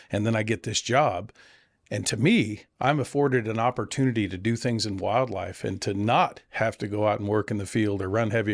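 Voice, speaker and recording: A man's voice: medium pitch, vocal fry, no room sound, studio quality. A middle-aged man from California, a conservation CEO, talking earnestly and self-deprecatingly in a casual interview. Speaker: guest, conservation nonprofit CEO.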